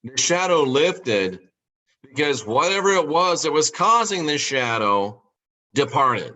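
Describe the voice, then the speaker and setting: A man's voice: fairly high pitch, big pitch swings, bright, forceful tone. Emphatic man asking rhetorical questions. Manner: slows and stresses key words. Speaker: podcast host. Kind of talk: monologue on scripture.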